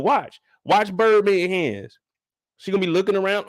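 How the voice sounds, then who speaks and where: Animated man ranting about a TV episode. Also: high voice, moderate pace, no room sound. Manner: mocking, does voices of characters, profane. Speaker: show recap host. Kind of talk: animated TV recap commentary.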